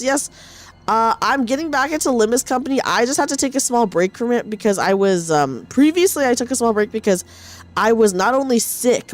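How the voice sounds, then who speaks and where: A woman streamer giving casual live-stream commentary, chatty and sarcastic, with frequent exclamations. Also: mid-range voice.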